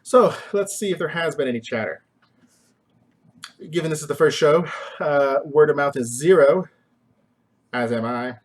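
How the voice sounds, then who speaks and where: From his home kitchen, a man hosts a laid-back live stream in a fairly high, expressive voice at normal speed, pausing often. He rambles goofily, mocks himself, and makes up silly songs.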